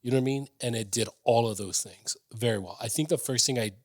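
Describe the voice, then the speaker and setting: A man's voice: medium pitch, quick pace, dry recording. A man co-hosting a casual movie review chat, talking bluntly and swearing freely. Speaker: movie review podcast co-host.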